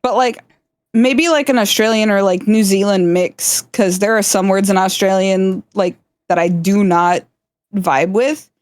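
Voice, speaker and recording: Woman, mid-pitched, laughing and swearing through casual stream chat, dry close sound. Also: steady tone, unhurried, dry recording. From South Florida. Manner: laughs often, swears freely. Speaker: stream guest.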